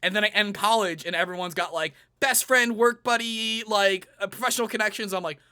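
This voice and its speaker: Bright, animated young man telling a story. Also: sits high, brisk, smooth. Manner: animated, quotes himself in lively acted-out asides. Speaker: panel guest. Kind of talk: casual personal storytelling.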